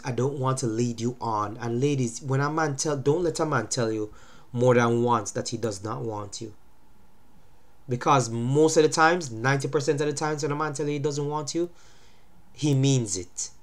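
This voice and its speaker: A young man speaks to camera in a casual vlog, his voice stuffed up and light from a cold. He lectures about relationships in a mid-range voice and keeps stopping to ask whether the listener understands. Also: mid-range voice. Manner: lecturing, repeatedly asks "you understand?". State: congested from a cold. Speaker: vlogger giving relationship advice. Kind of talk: casual talking-to-camera monologue.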